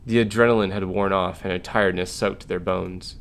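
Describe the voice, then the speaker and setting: A man reviewing a story game, narrating its text aloud in an even, plain way. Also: deep voice, brisk, creaky.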